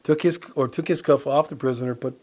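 Husky-voiced pastor preaching conversationally. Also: male voice, medium pitch, fairly even intonation, fairly quick, a little mellow. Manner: conversational, storytelling with quoted dialogue and laughs. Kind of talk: sermon.

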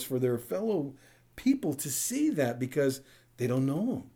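Preaching in a conversational style, a pastor with a fairly high, mellow voice keeps checking in with his congregation by tossing out a quick "right?"

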